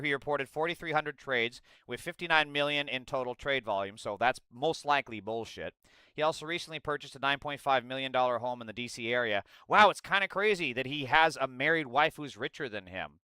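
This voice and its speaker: A young man with a bright, crisp voice hosts a live stream, reacting to his chat. He rants in a sarcastic, crude way. His voice sits a little high and is recorded dry and close, with no room sound. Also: dry recording. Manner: mocking impressions in a goofy voice. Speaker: political streamer.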